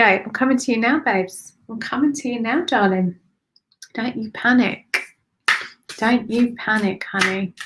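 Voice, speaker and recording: A woman's voice: medium pitch, gravelly, fairly bright tone, low-quality recording. A woman spiritual medium giving a live-streamed psychic reading to viewers, affectionate and repetitive, calling them darling and honey.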